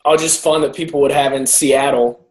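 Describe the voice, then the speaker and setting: A man's voice: mid-range voice, steady tone, normal speed. A man co-hosting a podcast in casual chat, rambling through stories and laughing often. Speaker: podcast co-host; teacher. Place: lives in San Jose.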